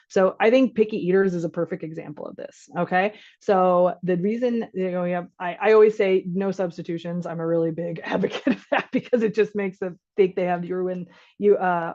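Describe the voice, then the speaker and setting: Chatty woman doctor, slightly dull audio. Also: mid-range voice. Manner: lively, often laughing, acts out parent and child lines. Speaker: physician leading a caregiver workshop. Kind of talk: conversational workshop talk. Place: online workshop.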